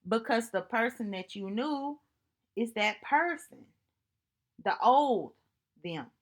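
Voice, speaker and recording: A woman speaking to camera in an earnest, reflective monologue, telling personal stories in an unhurried way and often repeating herself for emphasis. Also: a little high, lively intonation. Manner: earnest, thoughtful, unhurried storytelling with repetitions. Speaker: vlogger.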